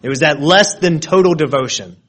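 Higher-voiced preacher, earnest and searching. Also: male voice, lively intonation, fairly quick, a bit bright, breathy edge. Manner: explains word meanings, earnest and searching; restarts and repeats words often. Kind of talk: expository sermon.

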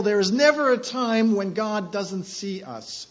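A man preaching a sermon, repeating key phrases and swinging from quiet asides to loud, emphatic scripture reading. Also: sits high, expressive, moderate pace, few pauses, dull audio.

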